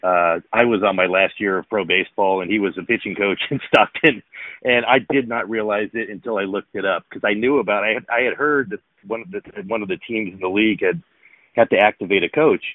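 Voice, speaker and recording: A man's voice: on the low side, fairly quick, no room sound. A man co-hosting a casual talk show, rambling with many fillers and restarts. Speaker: podcast co-host, former pro baseball player. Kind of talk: casual chat. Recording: phone-like narrow sound.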